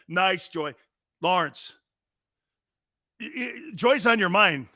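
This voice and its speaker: A man's voice: high-pitched, expressive, slow, pauses often, sharp tone, no echo, studio quality. A man hosting a sports talk show, joking and rambling and laughing often.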